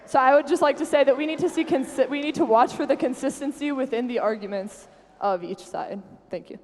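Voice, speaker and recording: A woman making a brief debate floor speech in a university hall, laying out her points with precise emphasis. Her voice is fairly high, and the hall's long reverb follows each line. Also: fairly quick, darkish tone. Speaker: student debate speaker.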